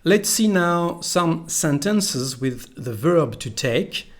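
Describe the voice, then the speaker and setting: A man with a French accent, a native French speaker, teaching a pronunciation lesson slowly and carefully, repeating each phrase for the learner. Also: fairly high pitch, expressive.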